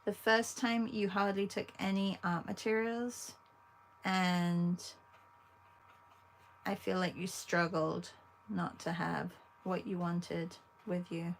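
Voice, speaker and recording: A woman with an English accent, hosting an art livestream, chatting casually with viewers while she paints and pausing often. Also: lowish voice, fairly even intonation, creaky, a little hiss or hum. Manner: chatty, talks to viewers between long pauses.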